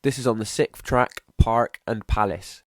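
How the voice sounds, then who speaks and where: A man's voice: on the low side, measured pace. A young man giving a sarcastic, profane video game review, swearing often. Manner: sarcastic, swears often, shouts in disbelief at glitches.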